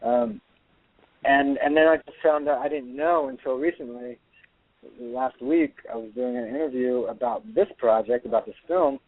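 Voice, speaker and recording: A man's voice: mid-range voice, moderate pace, dry recording. Earnest man on a tinny phone line. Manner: earnest, rambling, with many restarts. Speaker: actor and filmmaker guest. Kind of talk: phone interview on internet radio.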